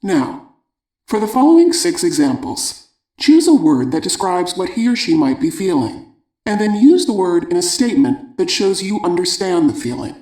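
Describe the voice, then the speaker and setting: Calm, measured male audiobook narrator, mellow and slightly high. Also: echoey room.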